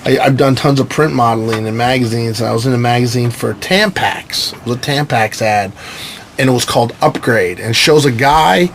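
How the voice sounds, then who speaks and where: A man from New York tells animated stories on a podcast recorded aboard a sailboat. His voice sits mid-pitch, and he swears freely and slips into quoted voices. A faint hum of ambience sits behind him. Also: a little fast. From New York State, USA. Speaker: guest, actor and stand-up comedian. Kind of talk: casual podcast chat.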